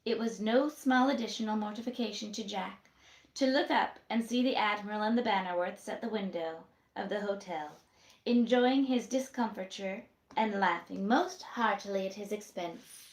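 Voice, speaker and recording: Woman reading a classic novel aloud. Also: mid-range voice. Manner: measured reading with acted voices. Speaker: storyteller. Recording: roomy echo.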